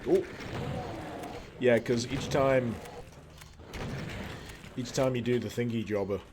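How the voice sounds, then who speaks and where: A man's voice: medium pitch, takes it slowly, noisy background. Playful man commentating a live game. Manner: playful, exclaiming, chatty with jokes. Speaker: streamer.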